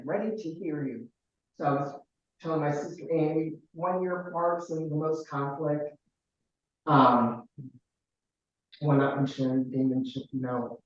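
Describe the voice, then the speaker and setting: Woman in her 60s, rambling personal story, halting restarts, heavy room echo, muffled sound. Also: low voice, darkish tone. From Ohio, United States. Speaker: caller sharing her story. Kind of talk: personal storytelling in a group call. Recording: very echoey, distant, muffled.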